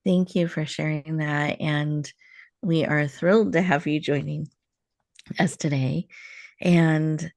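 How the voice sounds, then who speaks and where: Low soothing woman guiding a breath. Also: steady tone, gravelly, darkish tone, no echo. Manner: slow, soothing, encouraging. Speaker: host. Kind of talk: guided breathing meditation. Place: virtual room, remote call.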